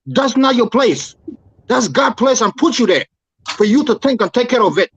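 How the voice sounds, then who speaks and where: A man's voice: very high-pitched, lively intonation, fairly quick, slightly rough, no room sound, muffled recording. A man calling in to a talk show, speaking in a heated, preachy, repetitive way. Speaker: caller. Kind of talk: impassioned call-in rant.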